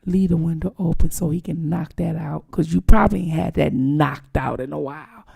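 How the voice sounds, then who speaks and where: A woman's voice: low voice, normal speed, gravelly, mellow, husky. A woman hosting her own channel, giving blunt, profane, teasing live-stream commentary to her viewers. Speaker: channel host.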